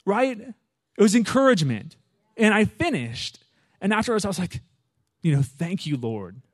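Animated conversational male preacher. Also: sits high, moderate pace, no echo, studio quality. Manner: animated, acts out his own prayers with rising intensity; informal, frequent "you know" and "right?" asides to the audience. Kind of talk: conversational sermon.

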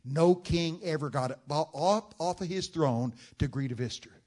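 A man's voice: on the high side, normal speed, warm tone. A male preacher telling a story in a sermon with dramatic delivery and rhetorical questions.

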